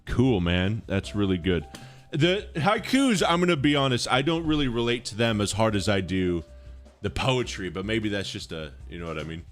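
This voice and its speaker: Male streamer, low and very animated, over-the-top mock grandeur, faint music behind. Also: normal speed. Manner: mock-pompous, swings between big dramatic readings and mumbled asides. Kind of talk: casual live-stream chat.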